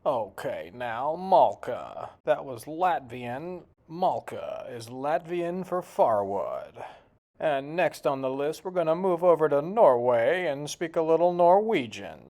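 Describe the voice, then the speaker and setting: A man talks in a relaxed, folksy way, cracking jokes as he chats to the camera. His tone is casual and unpolished, the way a hobby vlogger sounds when testing his own pronunciation. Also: fairly high pitch, slow. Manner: joking, folksy, tries out foreign words. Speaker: video host. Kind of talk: casual vlog commentary.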